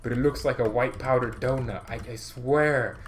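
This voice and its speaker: A man hosting his own channel, chatting casually and excitedly about football, rambling, laughing and poking fun at himself. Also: medium pitch, normal speed. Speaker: channel host.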